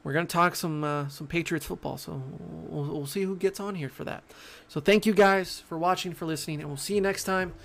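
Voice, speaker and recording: Gravelly-voiced man rambling about football. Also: a little high, fairly quick. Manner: animated, rambling, joking, frequent stammered restarts. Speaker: sports podcast host. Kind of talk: casual solo sports talk.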